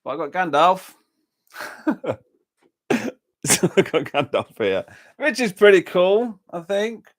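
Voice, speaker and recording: A man's voice: high voice, big pitch swings, takes it slowly, long pauses, no echo, studio quality. An Englishman hosting a music reaction livestream, rambling casually and answering viewers' comments with many fillers and restarts. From England. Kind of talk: casual chat, reading and answering live comments.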